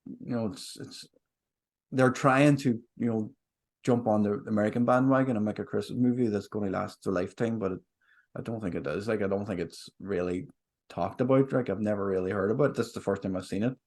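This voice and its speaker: A man with a lowish, gravelly voice giving blunt film opinions on a podcast. He swears a lot and leans on fillers as he talks. The chat is loose and casual. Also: brisk, darkish tone. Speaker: podcast co-host. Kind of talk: casual movie review chat.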